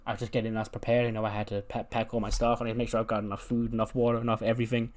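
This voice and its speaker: A man's voice: on the low side, little pitch movement, rapid-fire, darkish tone, lightly acted. A man voicing a fussy, eager young male wrestler who rambles and stammers. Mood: sheepish.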